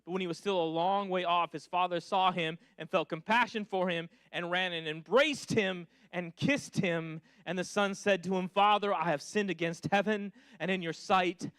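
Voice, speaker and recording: A man preaching a sermon in a high voice that swings from loud, urgent calls down to a hushed, pleading murmur. He drops in casual, conversational asides to his congregation. The sound is close and dry, with no room echo. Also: fairly even intonation, normal speed, few pauses, clear, resonant tone. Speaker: pastor.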